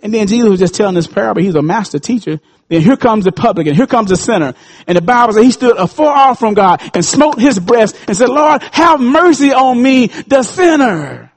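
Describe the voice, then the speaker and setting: A man in his fifties preaching with a high voice, rising to loud calls and dropping into low, quiet asides. He talks to the congregation in a lively, call-and-response way. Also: fast talker. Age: 50s. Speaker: pastor. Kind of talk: sermon.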